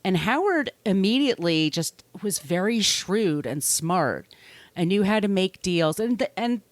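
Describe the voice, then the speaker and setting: A woman's voice: medium pitch, animated, measured pace, no echo. A middle-aged woman co-hosting a podcast, telling a story in a chatty, profane way and often restarting her sentences. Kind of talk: casual storytelling chat.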